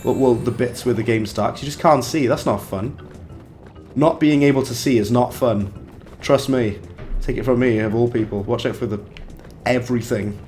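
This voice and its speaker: Brief: young male game streamer, mid-pitched voice, talkative, reacts out loud as he plays. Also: moderate pace, faint music behind. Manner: chatty, reacts aloud and banters with chat. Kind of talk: live gameplay commentary.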